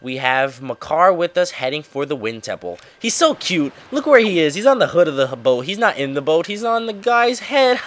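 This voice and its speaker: A man's voice: on the high side, big pitch swings, normal speed, hardly any pauses, a bit bright. A man casually commenting on a video game as host, joking and swearing freely, over game music. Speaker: let's play host.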